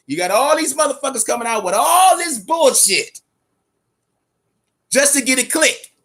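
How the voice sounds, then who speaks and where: A man's voice: very high-pitched, animated, normal speed, a bit bright, husky. A man hosting a boxing show, talking casually and profanely, amped up and fidgety, repeating himself often. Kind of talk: casual livestream talk.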